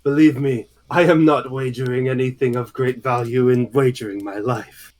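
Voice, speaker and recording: A man's voice: medium pitch, fairly even intonation, normal speed, a little mellow, lightly acted. A man playing a courtly old cat-folk stranger. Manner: formal, elaborately polite phrasing.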